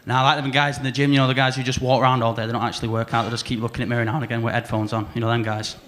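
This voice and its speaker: A young man with a Salford accent doing a rambling stand-up set, laddish and quick to mimic people. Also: medium pitch, level tone, a bit bright, slight background noise. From Salford, England. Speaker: new act comedian. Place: comedy club stage.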